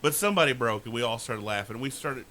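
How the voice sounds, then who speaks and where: A man co-hosting a podcast, chatting casually in an excitable, profane way. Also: mid-range voice, quick pace. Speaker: podcast co-host. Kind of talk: casual storytelling chat.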